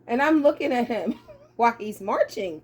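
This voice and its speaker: A woman telling a funny personal story casually, animated and often breaking into laughter. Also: fairly high pitch, normal speed, husky.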